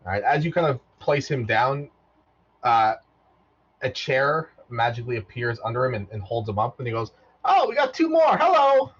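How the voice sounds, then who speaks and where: A man narrating as the game master of a tabletop game, relaxed and loose, often repeating words as he goes. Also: medium pitch, moderate pace, slightly rough. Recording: dull lo-fi mic.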